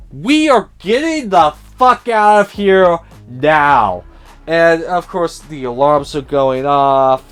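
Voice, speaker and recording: Slow-talking sarcastic male film reviewer. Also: a little high. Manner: sarcastic, profane, mimics characters in a raised voice. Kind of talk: casual spoiler movie review.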